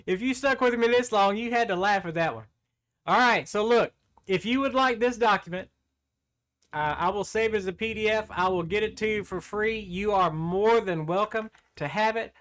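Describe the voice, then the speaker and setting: A man's voice: high-pitched, moderate pace, a bit bright. A man hosting a casual weekly tech-tips video, folksy and rambling, telling jokes and apologizing as he goes. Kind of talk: casual talking-head vlog.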